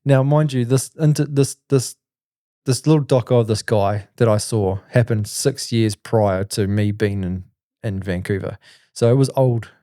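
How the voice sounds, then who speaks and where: Kiwi male podcast host, chatty rambling storyteller, mellow tone, dry close sound. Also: mid-range voice, moderate pace, no room sound. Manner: rambling, full of "like" and "you know". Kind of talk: casual storytelling.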